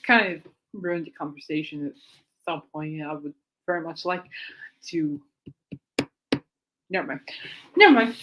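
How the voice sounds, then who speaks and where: A woman hosting her own music chat show, rambling in a casual monologue and often laughing and getting sidetracked. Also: lowish voice. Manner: chatty, self-deprecating, easily sidetracked.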